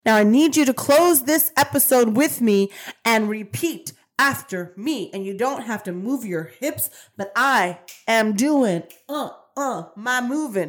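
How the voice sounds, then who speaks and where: A woman's voice: fairly high pitch, lively intonation, a little slow. A woman hosting a podcast, giving a fervent, emphatic spiritual pep talk. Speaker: podcast host. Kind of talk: motivational monologue.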